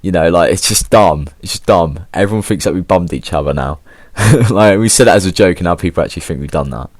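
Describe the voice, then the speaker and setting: A teenage vlogger with an English accent tells a school story in a laid-back, slang-heavy ramble, swearing freely. His low voice is brisk, and the recording is very dry, with no echo or room sound.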